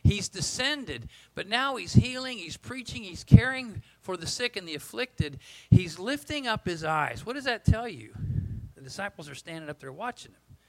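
A gravelly-voiced man in his sixties delivers a lively, joking sermon, his voice sitting a little high for a man. He slips into the voices of the people in his stories as he preaches. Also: normal speed, rough recording. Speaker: pastor. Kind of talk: storytelling sermon.

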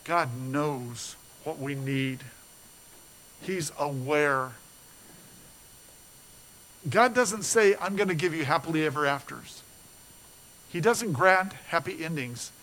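An older pastor's earnest sermon unfolds as a story, building with animation and then quieting to a low, soft voice. The audio is poor, with slight background noise.

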